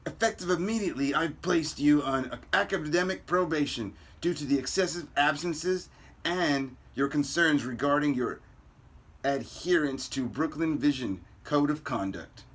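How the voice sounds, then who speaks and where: A man's voice: on the high side, normal speed, fairly bright tone, husky. A man reading a comic aloud, voicing a stern middle-aged school principal with formal, clipped delivery.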